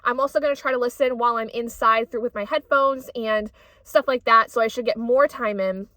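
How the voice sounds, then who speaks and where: A woman's voice: fairly high pitch, brisk, bright, forceful tone, dry recording. A woman book vlogger chatting casually while out running errands, ranting heatedly and swearing often. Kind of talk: casual vlog chat.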